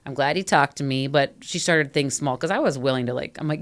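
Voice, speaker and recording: A woman in her thirties co-hosting a casual chat show, telling stories in a chatty, animated way. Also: extremely low pitch, fairly quick. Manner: chatty, animated storytelling with laughs. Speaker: co-host.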